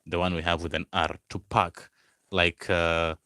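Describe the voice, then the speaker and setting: Male language tutor, lowish voice, drawn-out repeated words, close dry sound. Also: little pitch movement, pushed and bright, no room sound. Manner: slow, repeats each word several times and asks the viewers questions. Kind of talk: teaching German vocabulary.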